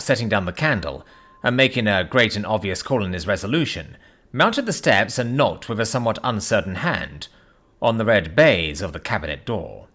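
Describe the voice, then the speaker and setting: A man giving a dramatic, expressive scripted narration of an audiobook. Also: fairly low pitch.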